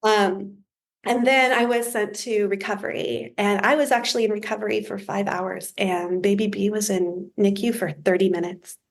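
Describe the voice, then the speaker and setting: A woman who is a podcast guest, telling a story in a casual, humorous and animated way. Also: medium pitch, moderate pace, gravelly.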